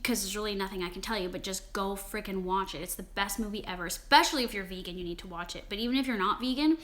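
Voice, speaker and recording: Bright, chatty young woman streaming live. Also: medium pitch. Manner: casual, swears freely, chatty with lots of "like". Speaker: cookbook author and vegan food channel host.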